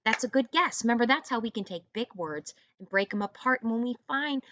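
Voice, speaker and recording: A woman teaching an online first grade reading lesson, encouraging young children and sounding out words slowly. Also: on the high side, expressive, fairly bright tone, no echo, dull audio.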